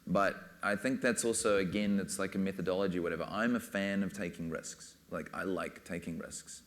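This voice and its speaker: A man's voice: low-pitched, fairly even intonation, a little fast. A man speaking as a film director on a panel, rambling casually with many fillers. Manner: rambling, full of "you know" and "like".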